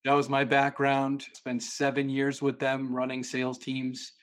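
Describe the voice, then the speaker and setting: A man from Boston, a sales consultant and podcast guest, who tells stories in an animated way and acts out the voices in them. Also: mid-range voice, a little slow. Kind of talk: storytelling in a podcast interview.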